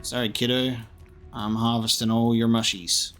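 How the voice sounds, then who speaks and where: A man's voice: mid-range voice, flat delivery, moderate pace, a bit bright, faint music behind. A man giving casual, jokey commentary as he plays through a video game, chatting to himself as he goes. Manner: chatty, jokey, talks to himself while playing. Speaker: gaming streamer.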